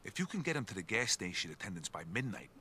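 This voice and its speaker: A low, blunt mobster fence. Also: male voice, very animated, fast, pushed and bright, a little hiss or hum. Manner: blunt, crude and bossy. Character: gruff male mobster fence, middle-aged, hard-nosed. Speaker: game character.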